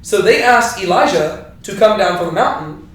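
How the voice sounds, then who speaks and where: A man's voice: sits high, animated, moderate pace, a bit bright. A man leading a Bible study with a small group in a room, joking, laughing often and checking in with "right?". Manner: playful, laughs often, keeps asking "right?". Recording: echoey room from far off.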